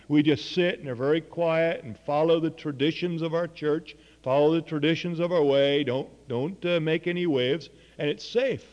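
A man's voice: fairly high pitch, moderate pace, few pauses, darkish tone. Man preaching, storytelling with little quotes, kinda muffled, long hall echo. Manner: earnest storytelling with quoted dialogue. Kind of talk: sermon.

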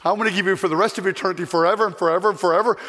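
A man playing a king in a spoken parable, speaking in a measured, gracious way. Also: sits high, steady tone, bright, forceful tone, long reverb tail. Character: stern but loving old king.

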